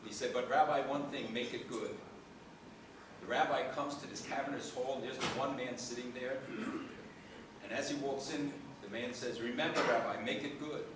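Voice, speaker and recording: A man's voice: medium pitch, moderate pace. A man at a tribute event telling a joke to an audience, playing both sides of the dialogue. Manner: lively storyteller voicing both sides of a joke. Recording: echoey hall, distant mic, background noise.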